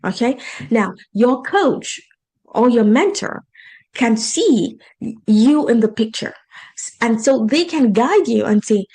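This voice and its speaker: A woman with an accent speaks in a slightly raised voice. She is a life and financial coach giving an earnest, encouraging pitch. She repeats her points for emphasis in a casual monologue. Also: expressive, slow pace, dark tone, husky, rough recording. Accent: non-native English accent.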